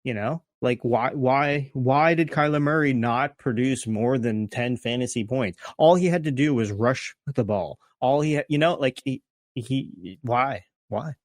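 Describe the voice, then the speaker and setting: A man's voice: medium pitch, measured pace, no room sound, clean studio sound. A man co-hosting a casual podcast, rambling and joking with lots of fillers as he talks things through. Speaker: podcast co-host.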